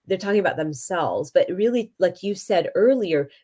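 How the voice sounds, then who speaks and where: A woman's voice: fairly low pitch, lively intonation, moderate pace, mellow. A woman hosting a business podcast interview, talking casually with frequent restarts and fillers. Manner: chatty, many restarts and fillers. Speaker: podcast host.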